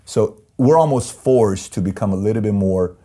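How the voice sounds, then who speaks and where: Interviewed as a guest, this male entrepreneur talks at a moderate pace in a lowish voice. His candid stories come out animated and emphatic, with key phrases repeated.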